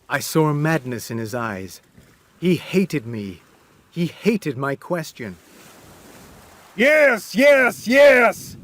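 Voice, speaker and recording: Slow, careful male storyteller. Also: mid-range voice. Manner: clear, careful delivery. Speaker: narrator. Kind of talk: slow story reading for English learners.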